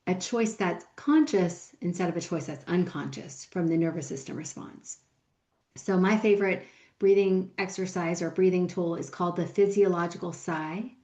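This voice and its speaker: A woman co-hosting a podcast as a coach, explaining steadily in a gentle teaching tone. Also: fairly low pitch, normal speed, reverberant. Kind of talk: casual podcast conversation.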